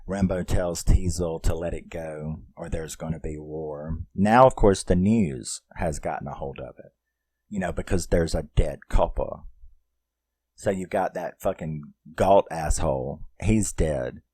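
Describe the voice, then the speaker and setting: A man's voice: sits low, a little slow, warm tone, husky, no room sound. A man giving a casual, rambling film review, swearing freely and using lots of fillers. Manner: rambling and profane, with many fillers.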